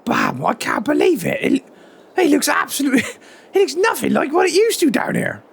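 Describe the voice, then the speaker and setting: A man voicing a cheerful, chatty male farmer neighbour in a game roleplay, with a raspy, wobbly voice full of admiring "oh"s. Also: extremely high pitch, wildly swooping pitch, moderate pace, a bit bright, slight background noise, voice pushed up, heavily acted. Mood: friendly. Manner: friendly, impressed, lots of "oh"s.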